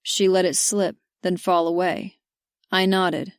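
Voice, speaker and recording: A woman reading a romance novel aloud in the first person, with measured, steady narration. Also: on the low side, smooth, dry recording, studio quality. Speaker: audiobook narrator. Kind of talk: scripted narration.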